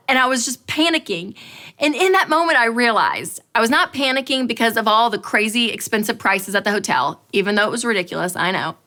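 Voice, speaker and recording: A woman in her thirties teaching a money course, telling a personal story with lively acted-out quotes. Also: medium pitch, a little fast. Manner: animated storyteller, acts out quotes. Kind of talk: storytelling talk to an audience.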